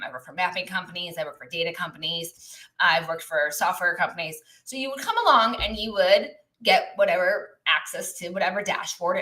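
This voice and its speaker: Bright-voiced woman coaching on a live stream. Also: fairly low pitch. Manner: conversational, checks in with listeners with "right?" and "okay?"; reads and answers viewer chat aloud. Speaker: business coach.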